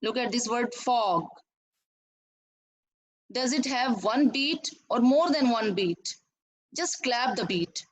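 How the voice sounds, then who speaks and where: A woman's voice: on the high side, lively intonation, slow, pauses often, slight background noise, rough recording. A woman teacher with a Pakistani English accent, giving a recorded lesson and explaining step by step, often repeating herself and asking the students questions.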